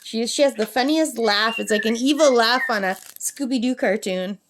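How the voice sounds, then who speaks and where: Chatty woman with a higher voice. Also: normal speed, slight background noise. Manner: chatty and rambling, reads numbers aloud while working. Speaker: crafting vlogger. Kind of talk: casual chatty crafting vlog. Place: at her summer camp with a talking parrot.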